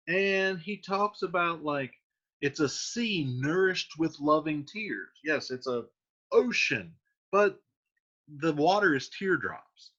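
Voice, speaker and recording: A man teaching a casual literature lesson, explaining lines in loose slang with an animated delivery, recorded in lo-fi. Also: a little high.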